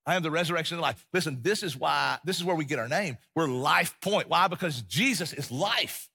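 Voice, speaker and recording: Bright husky-voiced man preaching. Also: a little high, expressive, brisk. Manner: impassioned, repeats phrases for emphasis, drops to a hush. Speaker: pastor. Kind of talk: sermon.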